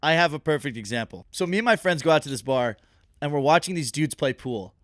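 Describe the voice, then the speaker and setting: A young man co-hosting a podcast, telling stories in animated casual chat and laughing often. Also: a little high, brisk, no room sound, clean studio sound. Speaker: podcast co-host.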